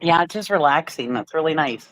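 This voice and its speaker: A woman talking as a guest on a livestream panel, chatty and quick to giggle. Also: sits low, lively intonation, rough recording. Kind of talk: casual livestream chat.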